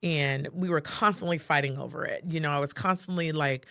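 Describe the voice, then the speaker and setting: A woman's voice: sits low, a little fast, few pauses, a bit bright, no room sound, clean studio sound. A woman co-hosting a podcast, telling personal stories in a chatty, heartfelt way, full of "like" and "you know". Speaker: podcast co-host. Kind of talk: casual podcast chat.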